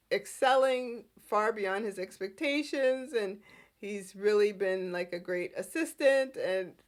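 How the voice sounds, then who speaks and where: Chatty, giggly woman recapping soaps. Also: on the high side. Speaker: podcast host. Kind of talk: casual soap opera recap.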